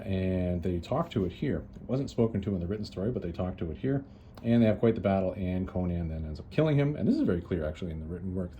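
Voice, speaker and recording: A man's voice: deep voice, warm tone, dull audio, a little hiss or hum. A man casually retelling a story as a host, chatty and loose, with lots of "uh"s and restarts. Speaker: comics reviewer, host.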